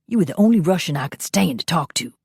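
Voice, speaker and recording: Woman doing a soft-spoken, taunting vampire swordsman. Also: sits low, animated, fast, gravelly, husky, no echo, studio quality, exaggerated voice.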